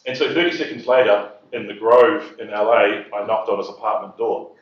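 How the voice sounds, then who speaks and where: A man's voice: fairly low pitch, steady tone, brisk. A man telling a humorous story to an audience at a property investors' event, chuckling at his own punchlines. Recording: echoey hall, distant mic, dull sound.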